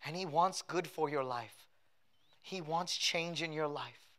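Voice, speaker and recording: A man's voice: on the high side, measured pace, a bit bright. A man preaching a sermon as pastor, building with repeated phrases. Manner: preaching with rising intensity and repetition.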